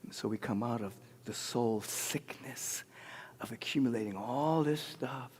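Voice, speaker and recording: A man delivering an impassioned sermon in a rhythmic, repetitive cadence, swinging between shouts and hushed murmurs. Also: medium pitch, a little slow, breathy edge. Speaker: spiritual leader. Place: large spiritual center sanctuary. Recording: long hall reverb.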